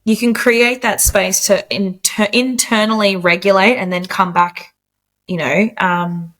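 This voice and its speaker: A woman in her late thirties, a podcast guest, speaks frankly in a relaxed conversation at a middle pitch. She swears freely and jumps into quoted voices when she tells stories. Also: a little slow. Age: 30s. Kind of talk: casual candid chat.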